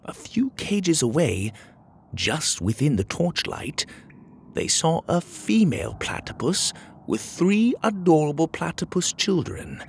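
A man reading a storybook aloud as narrator, in an expressive, animated way. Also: on the high side, a little slow, gravelly, slight background noise.

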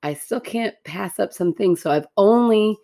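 A woman co-hosting a casual chat, telling a story in a lively, self-deprecating way and laughing often. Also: medium pitch, moderate pace. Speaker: podcast co-host.

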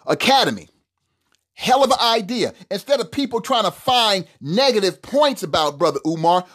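A man's voice: high voice, fairly bright tone. A middle-aged man hosting a solo podcast, talking in an emphatic, preachy way and repeating words for stress. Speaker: podcast host.

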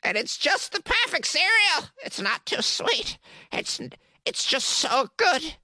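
A man's voice: very animated, bright, forceful tone, no room sound, exaggerated voice. A man doing a warbling ancient cereal lady. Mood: earnest. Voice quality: high, thin, warbling and slow. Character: ancient woman, cereal-obsessed, fussy and earnest.

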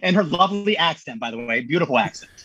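A man in his thirties, a podcast guest telling stories in a casual, animated way and acting out the people he quotes. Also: on the high side, fast talker, husky, no echo, lo-fi sound. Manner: animated, acts out quotes in voices. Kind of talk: casual storytelling.

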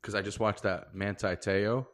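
Low-voiced young man, profane, animated. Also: normal speed. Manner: profane, animated storyteller, laughs often. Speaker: podcast co-host, comedian. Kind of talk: casual podcast chat.

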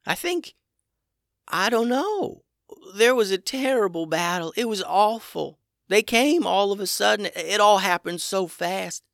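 A man voicing a small, injured young male black dragon who talks in a shaky, halting, frightened way. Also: lively intonation, gravelly, a bit bright, no room sound, clean studio sound, full character voice. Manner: shaky, breathless, high and halting.

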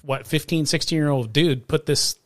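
A man co-hosting a podcast as a parent, talking in a laid-back, halting way with "uh" and restarts. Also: fairly high pitch, steady tone, fairly bright tone, no room sound. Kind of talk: casual chat.

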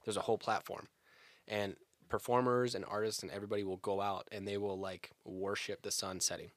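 A man co-hosting a chatty podcast, relaxed and rambling, filling his pauses with ums and uhs. His voice sits a little low, recorded close and dry. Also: no room sound. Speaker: podcast co-host. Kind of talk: casual chat.

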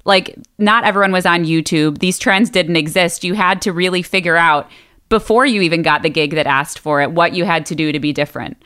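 A woman's voice: lowish voice, fairly even intonation, fairly quick, fairly bright tone, smooth. A woman co-hosting a podcast, summing up the talk in casual chat. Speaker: podcast co-host.

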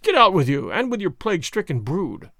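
A man voicing a hardened, rough soldier guarding a city gate, blustering and gruff. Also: high voice, wildly swooping pitch, measured pace, no echo, studio quality, full character voice. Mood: fearful fury.

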